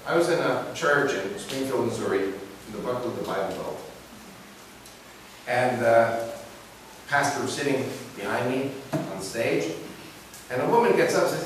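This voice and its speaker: A man speaking to a live audience in a preaching style, asking them questions and telling stories with lively emphasis. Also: a little high. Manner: animated, asks the audience questions and tells stories. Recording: echoey room picked up from a distance with hiss.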